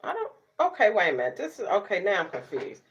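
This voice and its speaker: A middle-aged woman vlogger, chatting casually to camera, sassy and loud, laughing often and cussing freely. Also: medium pitch, wildly swooping pitch, fast, muffled recording. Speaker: beauty vlogger.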